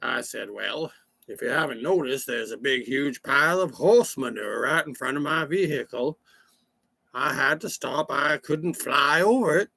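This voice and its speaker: For a comic monologue, a man plays a rambling country cousin with a drawl, his gravelly voice fairly high and bright as he slowly drags out each folksy sentence. It's an animated, full character voice with no room sound.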